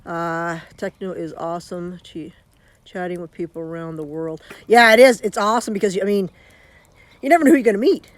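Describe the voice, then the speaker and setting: A woman's voice: on the low side, fairly quick, no echo. A Canadian woman chatting casually on a live stream from home, rambling and restarting her sentences as she talks into her phone.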